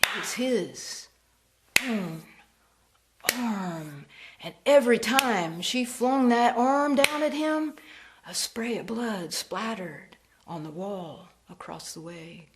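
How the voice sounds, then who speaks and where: A woman storyteller performing a ghost story, slow and hushed, dropping to whispers. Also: mid-range voice, animated, noisy background.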